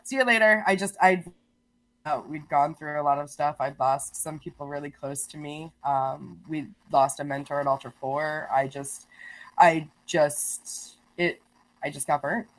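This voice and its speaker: A woman guest on a podcast, telling stories in a casual, animated way, laughing often and restarting her sentences. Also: sits low, measured pace. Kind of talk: casual storytelling.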